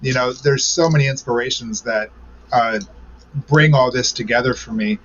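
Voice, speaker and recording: A man's voice: medium pitch, moderate pace, fairly bright tone. Guy on a muffled lo-fi video call, faint hiss, earnest, rattles off names. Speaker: co-host drag performer. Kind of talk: casual chat.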